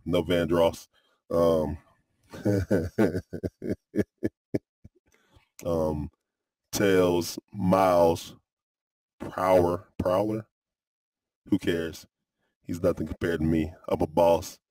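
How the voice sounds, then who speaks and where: A man's voice: low-pitched, little pitch movement, slow pace, pauses often, dark tone, dry recording, distant mic. A man voicing a boastful male two-tailed fox in goofy improvised fan voice acting, giggling and stumbling over his lines. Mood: cocky. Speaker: uncle doing a character voice.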